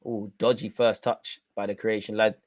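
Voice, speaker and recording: A man's voice: fairly low pitch, little pitch movement, moderate pace, no room sound. A young man hosting a live football watch-along, chatting in slang straight to his viewers. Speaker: live stream host.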